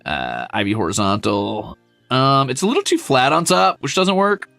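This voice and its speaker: A man streaming a zoo-building game, chatting casually with his viewers, animated and self-mocking, swearing freely. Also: medium pitch, moderate pace, gravelly, dry recording, soft background music.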